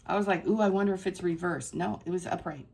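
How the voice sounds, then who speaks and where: A woman's voice: lowish voice, fast, vocal fry, darkish tone. A woman giving a casual spiritual tarot reading to her viewers, effusive and emphatic, repeating phrases for stress. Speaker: tarot reader.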